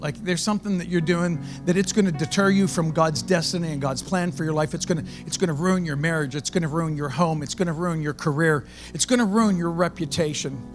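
A male pastor delivers a sermon as a loud, conversational story. His voice sits a bit high for a man. Guitar music plays clearly underneath him. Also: a little fast, few pauses.

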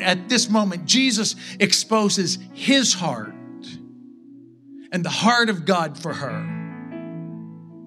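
A man preaching a sermon as pastor, impassioned, with slow dramatic pauses. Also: high voice.

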